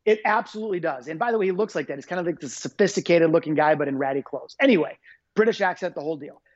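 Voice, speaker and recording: A man's voice: fairly high pitch, animated, very fast, no room sound, muffled recording. A man being interviewed as an author, talking in an upbeat, enthusiastic way. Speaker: guest author. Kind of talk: energetic interview talk.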